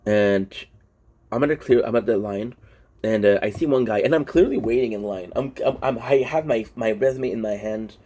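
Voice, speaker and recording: Slight background noise accompanies this young vlogger, whose native language is French, as he unloads on his audience. His lowish voice is mellow and moves at a normal pace, while he curses freely and keeps starting his sentences over.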